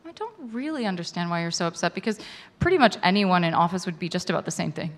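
A woman quoting her dismissive young boyfriend in a quick, offhand way, close to her own voice. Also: fairly low pitch, animated, natural voice.

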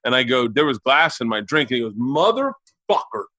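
A comedian telling rapid, profane family stories on a podcast and acting out his relatives' voices. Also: mid-range voice, sharp tone, dry recording. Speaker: comedian guest. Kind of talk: animated storytelling on a podcast. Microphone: remote call mic.

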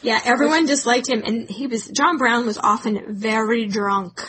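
Lively woman telling history stories. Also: fairly high pitch, slightly rough, poor audio. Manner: lively storytelling, quick asides. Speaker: podcast co-host. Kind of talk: casual history chat.

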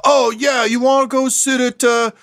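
A man voicing an eager, flamboyant male chef in a cyberpunk game, loud and gushing. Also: flat delivery, moderate pace. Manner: high, loud, gushing showman.

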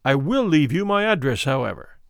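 A wealthy older doctor, hurried and falsely cordial, smooths things over as a man reading the tale puts him on. The voice is lively in pitch and sits a little high. It sounds dry and close to the mic. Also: no echo. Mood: placating, hurried. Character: wealthy, smooth-talking older male London physician, nervously polite. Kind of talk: audiobook reading of a classic story.

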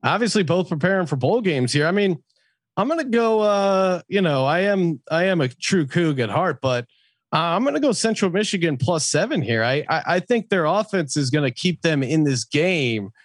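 Higher-voiced man hosting a betting podcast. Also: sing-song, moderate pace, no echo. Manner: reads lines and odds, throws questions to co-hosts. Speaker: podcast host. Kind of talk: casual sports betting talk.

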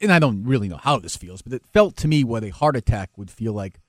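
A man, a talk radio host, speaking candidly and emotionally in an interview, with frequent halting restarts. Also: mid-range voice, very animated, dry recording, studio quality. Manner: halting, many restarts, emotional and self-critical.

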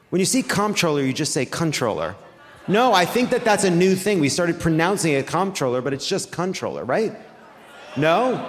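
Man doing live comedy in a reverberant hall. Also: fairly high pitch. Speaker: comedy podcast host. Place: theater stage before a live audience. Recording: live hall recording with reverb and faint noise.

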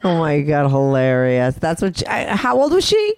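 Man hosting a call-in show, somewhat higher pitch, easygoing, dry studio. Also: wildly swooping pitch, moderate pace, clear, resonant tone, dry recording. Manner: easygoing, affirming listener. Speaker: podcast host. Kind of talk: casual interview chat.

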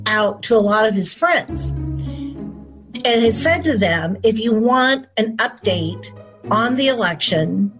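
A woman, a former chief of staff, recounting memories in an interview as a lively storyteller. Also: a little high, rough recording. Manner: lively storyteller, brisk anecdotes. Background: music.

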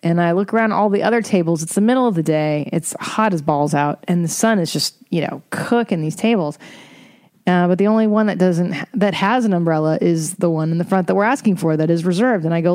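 A woman hosts a podcast, talking through a casual story in a chatty, profane way. Her voice sits a little low and sounds mellow and relaxed. She drops wry asides as she goes. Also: a little fast, dry recording, clean studio sound. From Eastern Bloc. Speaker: podcast host.

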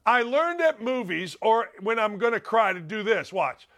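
A man in his sixties hosting a sports talk show, rambling through emphatic, animated stories and opinions. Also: high voice, moderate pace. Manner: loud, rambling, emphatic storytelling.

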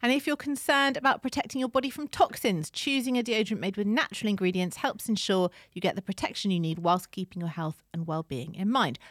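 A woman's voice: medium pitch, fairly quick, hardly any pauses, no echo, clean studio sound. A woman co-hosting a podcast, chatting frankly and laughing often. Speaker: podcast co-host. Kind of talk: casual chat.

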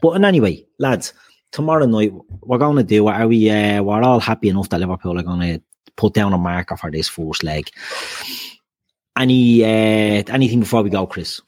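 A man's voice: on the low side, brisk, darkish tone, dry recording. A man hosting a casual football podcast, bantering with his co-hosts and throwing in jokey asides to the listeners. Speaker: podcast host.

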